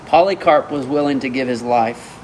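A man's voice: medium pitch, normal speed, slight background noise. A middle-aged man from Arkansas, preaching a sermon with emphatic rhetorical questions. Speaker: pastor.

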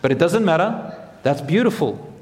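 A man's voice: a little high, lively intonation, normal speed, a little mellow, long reverb tail. A man preaching a sermon as a teacher, speaking earnestly and putting direct questions to his listeners.

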